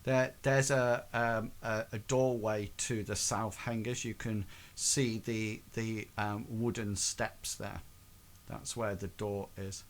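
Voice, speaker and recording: Halting man running a tabletop game. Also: on the low side, steady tone. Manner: halting, full of restarts. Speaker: game master.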